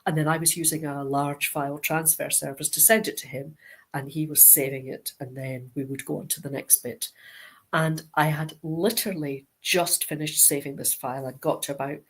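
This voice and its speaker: A middle-aged Scottish woman, a guest author in an interview, telling stories with lively acted-out quoted dialogue. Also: low-pitched, normal speed, slightly rough. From Scotland. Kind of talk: interview anecdote.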